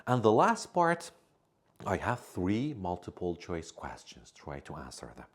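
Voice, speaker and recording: A deep-voiced man gives an English lesson, his husky tone swinging widely in pitch as he stresses each point. He explains patiently, going back over every idea in new words. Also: sing-song, a little slow. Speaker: English teacher.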